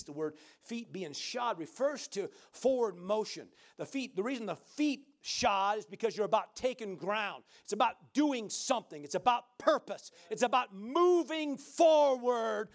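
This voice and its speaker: A man preaching a sermon, emphatic and calling out to the congregation, building up to shouted exclamations. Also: sits high. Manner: call-and-response.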